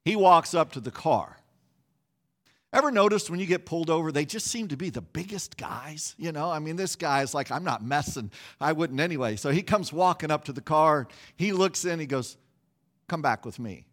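A middle-aged man preaching a sermon with a voice pitched on the high side. He tells his story with lively pacing and self-mocking humor. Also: moderate pace. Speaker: pastor.

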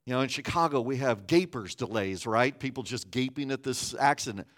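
A man's voice: mid-range voice, brisk, few pauses, fairly bright tone. A man preaching a sermon as a pastor, earnest, often repeating words as he builds his point.

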